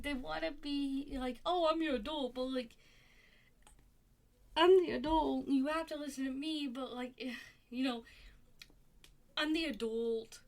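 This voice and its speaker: Woman, fairly high voice, casual rambling chat, exasperated, lots of fillers, home recording. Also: slight background noise. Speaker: podcast host reviewing a TV show.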